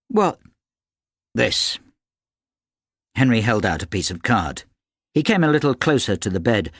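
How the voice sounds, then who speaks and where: Man reading a storybook, animated pitch, dry close sound. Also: no echo. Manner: expressive storytelling. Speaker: audiobook narrator. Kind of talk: scripted narration.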